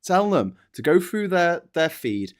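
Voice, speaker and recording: A man's voice: fairly high pitch, sing-song, unhurried. A man who is a guest on a live chat, speaking in an outspoken, sweary way. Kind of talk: casual political chat.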